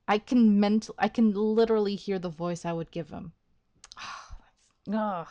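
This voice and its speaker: A woman's voice: mid-range voice, normal speed, warm tone, no echo. A woman giving casual, chatty, self-deprecating commentary while playing a story game. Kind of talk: casual let's-play commentary.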